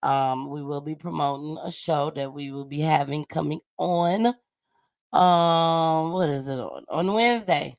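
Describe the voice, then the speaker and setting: Middle-aged woman, low voice, chatty show host, laughs a lot, teasing. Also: measured pace. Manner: laughs often, animated and teasing. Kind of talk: casual chat.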